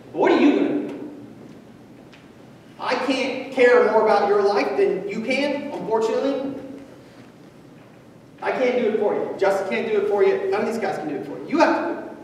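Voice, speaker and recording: A man giving a profane, impassioned motivational speech, swinging from loud to hushed. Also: high-pitched, animated, normal speed, pauses often, a little hiss or hum. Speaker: motivational speaker. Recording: echoey hall, voice from far off.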